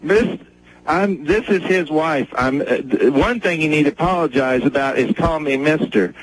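A man's voice: a little high, normal speed, slight background noise, lightly acted, low-quality recording. A man playing an indignant angry wife. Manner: indignant, accusing. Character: angry offended wife calling in.

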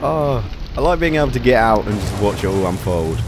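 A man commentating his own gameplay, excited, giggling often and exclaiming at explosions. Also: fairly low pitch, a little fast, noisy background. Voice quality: giggly, frequent laughter and exclamations. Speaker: gaming YouTuber.

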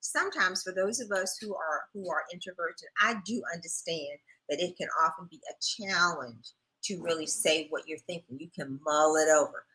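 A middle-aged woman co-hosting a relationship talk show, speaking in a measured, reflective way and steering with questions. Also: lowish voice, sharp tone, rough recording. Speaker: co-host.

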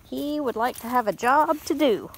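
A woman volunteering at an animal rescue, talking to an adoptable dog in high sing-song baby talk. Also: expressive, normal speed, creaky, slight background noise. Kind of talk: cooing at a dog in a rescue video.

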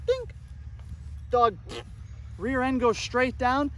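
A man's voice: extremely high pitch, very animated, drawn-out words, fairly bright tone. A man working as a dog trainer, giving a casual, upbeat tutorial outdoors and praising his puppy as he coaches.

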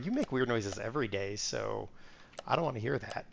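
A man's voice: medium pitch, lively intonation, a little fast, gravelly. A man casually chatting to his viewers while playing a game live, rambling and muttering to himself. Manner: rambling, talks to himself, mutters part numbers. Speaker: streamer. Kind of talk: casual live-stream chat while gaming.

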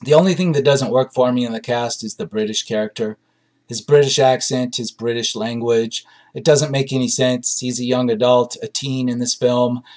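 A man's voice: medium pitch, steady tone, moderate pace, darkish tone. A man hosting a movie review show. He reads out audience reviews and reacts in casual, blunt commentary full of ums and uhs.

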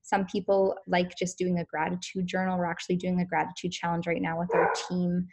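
Female host, lower pitch, earnest and unpolished delivery. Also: monotone, a little fast, background noise. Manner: earnest, lots of fillers and restarts. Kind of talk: wellness talk.

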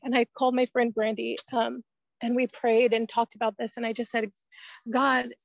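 A woman's voice: on the high side, flat delivery, a little fast, creaky, a little mellow, dry recording, highs cut off. Emotional woman praying on a video call. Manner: fervent, emotional, praying aloud. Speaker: prayer group participant. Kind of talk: spoken testimony and prayer.

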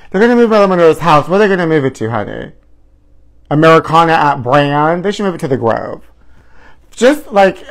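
Hosting a live celebrity gossip show from home, a man with a fairly high voice talks fast and expressively. He's campy and theatrical, showering viewers with terms of endearment and swooping dramatically into mock outrage.

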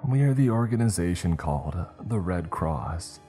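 A man's voice: sits low, animated, normal speed, mellow, soft background music. A man voicing a vain, chatty cult witch who shrieks and hisses at children. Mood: rambling. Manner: hissing, indignant, rambling.

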